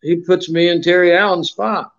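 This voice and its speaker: Here the retired wrestler, an older man being interviewed, has a high-sitting, fairly bright voice with a steady tone and normal speed, captured in dull audio. His shoot-interview storytelling is folksy and rambling, heavy on fillers, and he acts out other people's voices.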